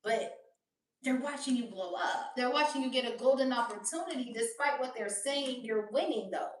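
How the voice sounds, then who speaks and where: A woman with a fairly high voice gives a casual tarot reading, blunt and full of swearing, often breaking into laughter. She sits back from the mic in a roomy, echoing space. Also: moderate pace. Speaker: tarot reader. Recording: roomy echo, voice distant from mic.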